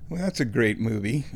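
A man from Omaha, Nebraska, telling a rambling, nostalgic story in a casual monologue, chuckling often and clearing his throat. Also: medium pitch, darkish tone, slight background noise. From Omaha, Nebraska, USA.

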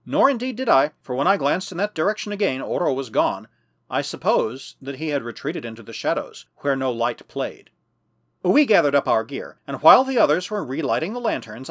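Male audiobook reader, first-person novel, measured and expressive, very animated pitch, mid-range voice. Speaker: audiobook narrator.

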